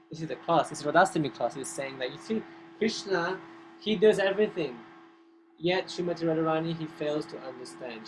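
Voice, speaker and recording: Animated male teacher telling scripture stories. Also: a little high, background noise. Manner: animated, conversational, frequent restarts. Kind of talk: scripture class storytelling. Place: temple classroom.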